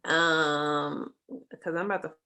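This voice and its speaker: A woman's voice: low voice, fairly even intonation, slow pace, a crowd in the background. A woman co-hosting a casual live stream, teasing and slangy, easygoing as she reads out names. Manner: teasing, slangy, laid-back. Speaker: stream co-host.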